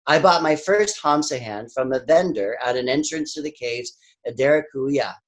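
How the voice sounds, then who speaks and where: A man reading and praying at a spiritual service in a calm, reflective, unhurried way. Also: mid-range voice. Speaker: service reader.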